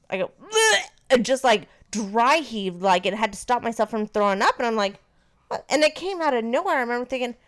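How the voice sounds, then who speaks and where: A woman in her thirties casually telling a personal story to her partner, animated and swearing freely. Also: fairly high pitch.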